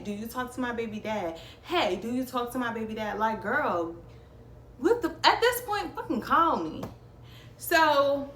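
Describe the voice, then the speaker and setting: A young woman from New Jersey telling a personal story to her viewers in a chatty, animated way, often calling them y'all. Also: fairly high pitch, roomy sound, recorded from a distance, a little hiss or hum. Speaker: vlogger. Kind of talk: storytime vlog.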